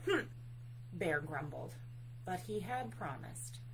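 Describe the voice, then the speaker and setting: A woman reads a picture book aloud at library story time, unhurried and expressive. Her voice moves through a lively range, and she pauses to add chatty asides about the pictures. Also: medium pitch, a little hiss or hum, low-quality recording.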